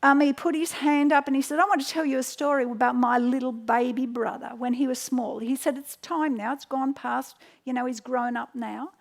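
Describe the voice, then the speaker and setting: A woman's voice: high-pitched, normal speed, vocal fry, few pauses. A middle-aged woman, teaching home remedies through chatty anecdotes with many restarts. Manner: storytelling, animated quotes, frequent restarts. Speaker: health educator.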